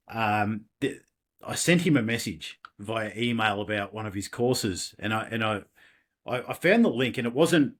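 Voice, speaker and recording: An Australian man, a podcast guest, telling personal stories in a casual, animated way with laughs and restarts. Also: lowish voice. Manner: animated, laughing, self-deprecating, many restarts. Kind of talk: casual interview storytelling.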